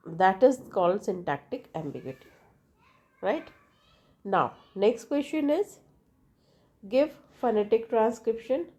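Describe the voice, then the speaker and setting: A woman gives an informal lecture on language terms. She talks slowly and works through each example, her voice warm and mellow, and she keeps pausing to check with "right?". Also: medium pitch. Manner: slow, explanatory, with frequent filler "right?". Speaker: English teacher.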